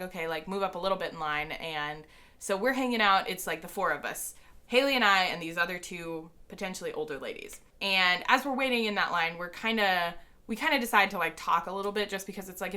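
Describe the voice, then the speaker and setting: A young woman vlogger telling a story in casual, excited rambling speech, full of fillers. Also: fairly low pitch.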